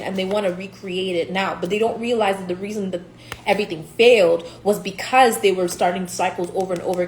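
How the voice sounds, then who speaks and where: A young woman from Nigeria giving a casual spiritual monologue as a tarot reader, blunt and profane, laughing often. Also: mid-range voice. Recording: echoey room, faint hiss.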